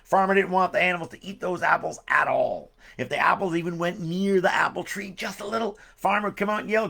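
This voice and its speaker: A man's voice: high voice, expressive, brisk, vocal fry, hardly any pauses, bright, forceful tone. A man storyteller on a live stream, joking and wandering off into funny asides. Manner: jokey, rambling asides.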